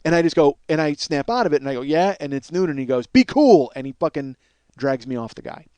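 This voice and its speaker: Profane storytelling man, fairly high voice. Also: fast talker, slight background noise. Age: middle-aged. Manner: animated, profane, acts out quotes. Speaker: podcast host. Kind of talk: storytelling monologue.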